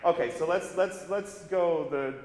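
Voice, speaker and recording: A man's voice: a little high, unhurried, a little mellow. A man leading a singing master class, coaching a student in an informal, encouraging way with lots of casual fillers. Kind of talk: coaching a singer in rehearsal. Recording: roomy hall reverb with piano.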